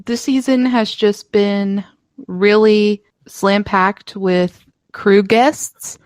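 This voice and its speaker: A chatty woman with a Southern US accent co-hosting a podcast in casual chat. She speaks at an unhurried pace, often giggling, and the recording is dry and close. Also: fairly high pitch, dry recording. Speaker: podcast co-host.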